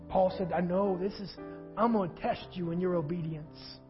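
Male pastor, husky, preaching, quiet-to-fervent swings, dull recording, faint music under. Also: high-pitched, fairly even intonation, moderate pace. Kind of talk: sermon. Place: church sanctuary.

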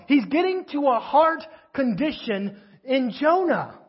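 A man's voice: very high-pitched, big pitch swings, measured pace, dull audio. A man preaching a sermon in a conversational way, asking his listeners rhetorical questions. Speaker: pastor.

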